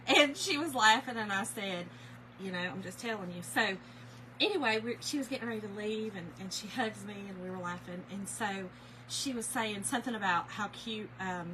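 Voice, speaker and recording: A middle-aged woman who owns a small business hosts a live stream, chatting casually and animatedly with viewers and laughing often. Her voice is medium-pitched, with a noisy background behind her.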